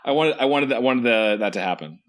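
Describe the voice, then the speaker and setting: A man co-hosting a podcast, chatting casually with quick asides. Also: medium pitch, lively intonation, a bit bright. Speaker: podcast co-host. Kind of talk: casual chat.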